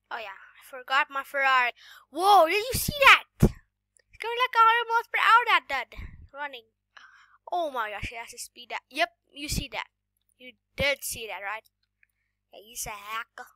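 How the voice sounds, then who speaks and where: A woman giving casual gameplay commentary while sick, coughing now and then, excitable and often dropping to a whisper. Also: sits high, normal speed, no room sound. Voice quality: voice sounds off today. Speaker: gaming YouTuber.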